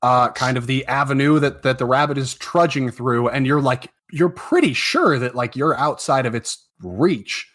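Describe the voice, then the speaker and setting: A man's voice: mid-range voice, moderate pace, few pauses, fairly bright tone. A man running a tabletop game as game master, narrating loosely with many fillers.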